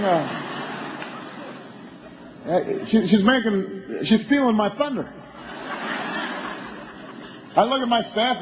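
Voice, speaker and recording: A man with a strikingly high voice tells a long story at a campaign rally. He works slowly toward bursts of shouting, and a faint ambient hum runs underneath. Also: lo-fi sound. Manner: anecdotal storytelling that builds to shouting. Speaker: politician.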